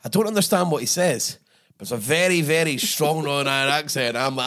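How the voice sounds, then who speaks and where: A man's voice: on the high side, quick pace, a bit bright. A Scottish man hosting a podcast, chatting casually, swearing and laughing through his stories. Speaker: podcast host. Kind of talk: casual chat.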